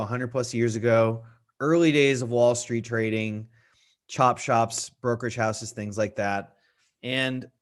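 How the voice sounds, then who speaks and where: A man's voice: medium pitch, fairly bright tone. A middle-aged man hosting a live trading stream, talking casually, answering viewers' questions and repeating key points for emphasis. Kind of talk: live market analysis stream.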